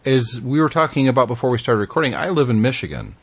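A man's voice: medium pitch, lively intonation, quick pace, slightly rough. A man hosting a casual interview and asking curious questions. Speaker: host.

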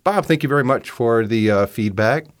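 Speaking at a normal speed in an expressive, medium-pitched voice, a man hosts a casual solo podcast, airing his opinions chattily and restarting sentences often. The recording is dry.

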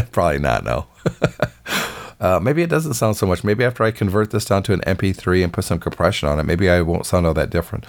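A man with a very low, deep voice hosts a tech podcast on his own, talking in a loose, chatty way. He is upbeat and full of fillers, and his voice sounds slightly rough and off today. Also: fast talker, hardly any pauses. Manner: chatty and enthusiastic, with filler words. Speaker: podcast host. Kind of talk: casual tech podcast monologue.

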